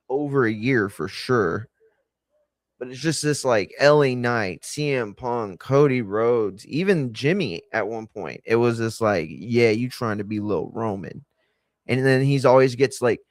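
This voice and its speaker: This is casual chat from a man running a watch-along stream, who rambles with sarcasm and exasperation. His voice sits in the mid range, and the studio-quality recording has no echo.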